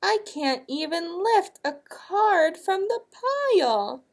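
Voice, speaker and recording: A woman voicing a brave knight who sobs about sand in his armor, with a high, whiny wail. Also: big pitch swings, takes it slowly, full character voice. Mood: sobbing.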